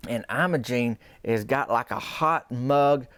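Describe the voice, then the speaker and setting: Man, deadpan rambling storyteller, folksy, smooth clear voice, dry close sound. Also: mid-range voice, unhurried, dry recording. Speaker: comedian storyteller.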